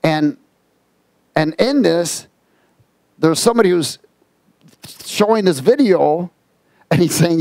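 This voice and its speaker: A man preaching a sermon, telling stories with lively quoted voices and reading scripture aloud. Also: fairly high pitch, slow pace, vocal fry, pauses often, no room sound. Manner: animated storytelling with quoted voices. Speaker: pastor.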